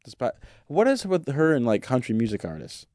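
A man's voice: mid-range voice, very animated, a little mellow, dry recording, studio quality. A man co-hosting a podcast, chatting casually and giving his opinions with frequent laughs. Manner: opinionated, laughs often, drawn-out asides. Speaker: podcast co-host.

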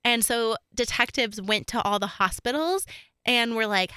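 Bright, clear-voiced young woman chatting. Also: a little high, normal speed, no echo. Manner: chatty, lots of fillers and laughter. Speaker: true crime podcast co-host. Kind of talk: casual chat.

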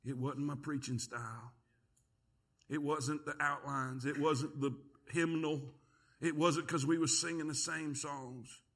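A pastor preaching a sermon, telling a story with lively energy and quick repeated words. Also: male voice, fairly high pitch. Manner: storytelling, animated, repeats words when excited.

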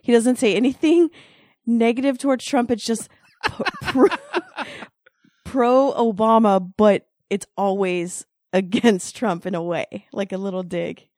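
A woman co-hosting a podcast, chatty and quick to laugh. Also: fairly high pitch, a little mellow, dry recording, clean studio sound. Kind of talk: casual chat.

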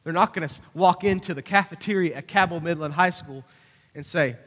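A man preaching a conversational youth sermon, animated, with acted-out asides. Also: on the high side, fairly quick, husky. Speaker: youth pastor. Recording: hall reverb.

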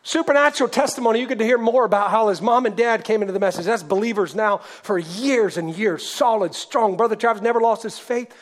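High-voiced earnest man preaching. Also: fairly quick, few pauses, a faint crowd, slight background noise. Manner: earnest, swings from hushed to shouted. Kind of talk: sermon testimony storytelling.

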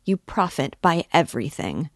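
A woman's voice: sits low, big pitch swings, moderate pace, dry recording, studio quality. A woman voicing a feverish, irritable young male student who taunts with sardonic mockery. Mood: taunting.

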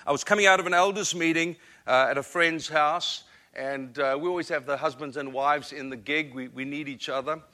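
Male guest preacher, African accent, forties, bright ringing voice, slightly high pitch, earnest and self-deprecating, repeats words as he builds. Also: brisk. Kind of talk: sermon with storytelling.

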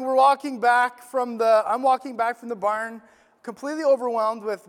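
Brief: middle-aged male pastor, higher voice, storytelling sermon, long hall echo. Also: moderate pace. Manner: personal storytelling, animated and self-deprecating.

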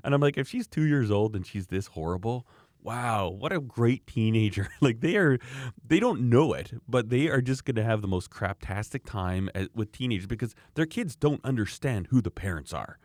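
A man's voice: medium pitch, lively intonation, normal speed, darkish tone, no echo, studio quality. A man from Canada talking casually about raising children, emphatic and rambling, often restarting his sentences. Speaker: parent sharing views. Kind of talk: casual opinionated chat.

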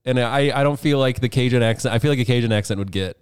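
A man co-hosting a casual movie podcast, talking in halting bursts with many fillers and frequent laughs. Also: medium pitch, clear, resonant tone. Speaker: podcast co-host. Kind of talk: casual chat.

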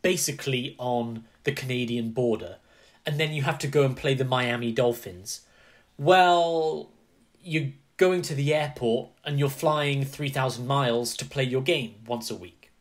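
A man's voice: medium pitch, moderate pace. A man, a podcast co-host who chats casually and animatedly, with many asides. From England. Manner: animated, talks in long runs with many asides. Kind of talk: casual chat.

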